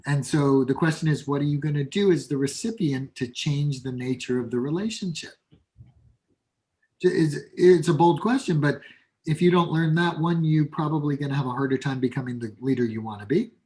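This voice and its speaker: A man's voice: fairly high pitch, fairly quick, dark tone. A man with a New York accent, a workplace coach speaking as a guest in a casual interview, blunt and emphatic. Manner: blunt, emphatic, acts out example dialogues. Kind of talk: conversational podcast interview.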